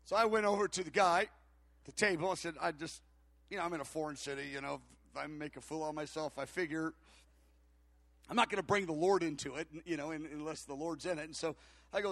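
Preacher, male, high bright voice, dry close sound, storytelling sermon. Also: a little fast, no echo. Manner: storytelling, acts out dialogue, animated. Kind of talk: sermon with anecdote.

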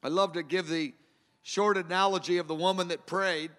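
A man's voice: high-pitched, fairly even intonation, moderate pace, sharp tone. A man preaching a sermon, earnest and emphatic, circling back to repeat his key phrases. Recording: long hall reverb.

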